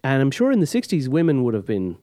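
A man hosting a casual film review chat, animated and acting out quotes in put-on voices. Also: mid-range voice, fast, dry recording, studio quality. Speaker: film review podcast host.

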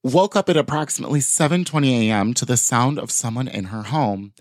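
A man's voice: medium pitch, a little fast, no echo, studio quality. A man hosting a podcast, reading news articles aloud with offhand jokey asides in casual chat. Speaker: podcast host.

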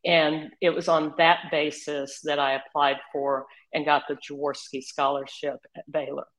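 A woman's voice: low-pitched, moderate pace, rough recording. Older Southern woman telling stories. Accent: Southern US with Oklahoma drawl. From Northeast Texas region. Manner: animated, laughs while telling stories. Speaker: interview guest. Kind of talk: casual storytelling.

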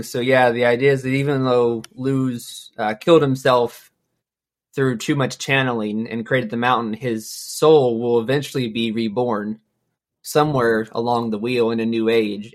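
A man's voice: medium pitch, fairly even intonation, moderate pace. A man hosting a casual book-discussion podcast, patiently explaining terms and backstory. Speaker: podcast host. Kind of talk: casual book-club chat.

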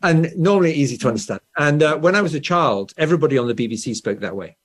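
Speaking fast and expressively with a voice on the high side, this English guest author from England has a standard Southern English accent. His interview manner is conversational and explanatory, with many "right?" tags and frequent restarts.

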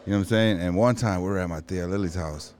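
A man's voice: sits low, fast, darkish tone. A man hosting a casual podcast chat, laid-back and profane, laughing often. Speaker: podcast host.

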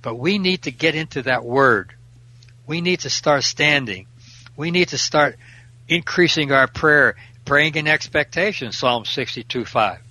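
A man's voice: fairly high pitch, unhurried, pushed and bright. An older man, a prison minister and guest, talking fervently in an interview and quoting scripture verse by verse. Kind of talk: preaching interview talk.

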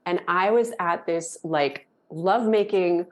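A woman telling a personal story as a podcast guest, animated and emotional, rambling and jumping into dramatic quoted voices. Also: fairly low pitch, a little slow. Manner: emotional and effusive. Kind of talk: casual interview storytelling.

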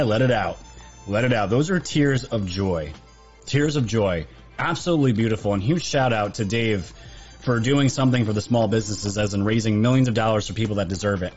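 Male host, opinionated commentary, punchy and repetitive, slightly dull recording with faint music. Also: on the low side. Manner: emphatic and repetitive.

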